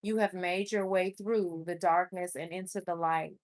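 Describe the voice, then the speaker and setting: A woman's voice: on the low side, steady tone, moderate pace. A woman doing a spiritual tarot card reading, emotional and speaking to Spirit. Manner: emotional, talks to Spirit, gets choked up. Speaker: tarot reader.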